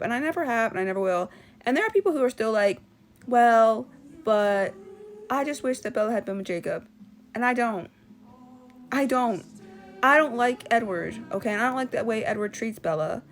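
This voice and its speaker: A woman hosting a casual opinion vlog, talking in an animated, sassy way and mocking characters in put-on voices. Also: medium pitch. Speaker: channel host.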